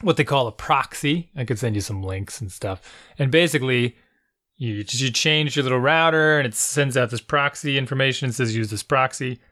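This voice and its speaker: A man's voice: mid-range voice, moderate pace, pushed and bright, dry recording, clean studio sound. A man chatting casually on a podcast, laid-back, offering practical suggestions. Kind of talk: casual chat.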